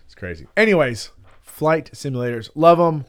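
A man's voice: a little high, big pitch swings, moderate pace. A man in his thirties co-hosting a podcast, telling a rambling family story with lots of "like" and then moving into Bible teaching. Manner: rambling storyteller, acts out quotes with many "like"s. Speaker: podcast co-host. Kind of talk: casual chat and Bible teaching.

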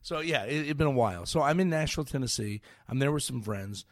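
A man's voice: mid-range voice, expressive, quick pace, no room sound, clean studio sound. A comedian in his forties telling a story on a podcast, acting out the dialogue with lots of energy. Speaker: comedian guest.

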